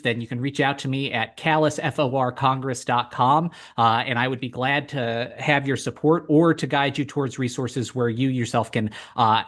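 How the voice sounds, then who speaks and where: A man's voice: mid-range voice, a bit bright. A man giving a candidate's closing statement over a video call, direct and impassioned, with plain-spoken jokes. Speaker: political candidate.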